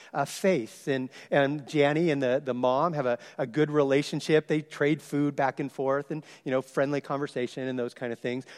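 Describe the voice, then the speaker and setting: A man preaching a sermon, telling a story with lively shifts and loud exclaimed quotes. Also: mid-range voice. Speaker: pastor. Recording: long hall reverb.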